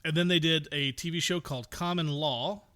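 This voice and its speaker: A man's voice: on the high side, fairly even intonation, brisk, bright, forceful tone. A man hosting a movie podcast, chatting casually and reading out film credits with dry sarcasm. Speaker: podcast host. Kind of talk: casual movie review chat.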